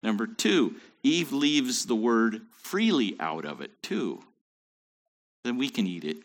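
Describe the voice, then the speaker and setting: A man's voice: medium pitch, sing-song, slow pace. A man teaching a Bible study in a conversational way, with joking asides.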